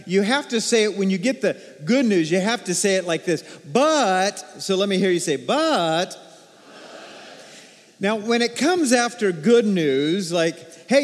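A man preaching a sermon as pastor, energetic and calling for responses from his congregation in a church sanctuary. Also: on the high side. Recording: long hall reverb.

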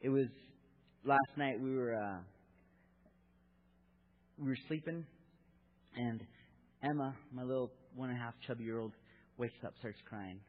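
A man in his thirties preaching a sermon, halting and repeating words, swinging between loud and hushed. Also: medium pitch. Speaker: pastor. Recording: tinny phone-like sound.

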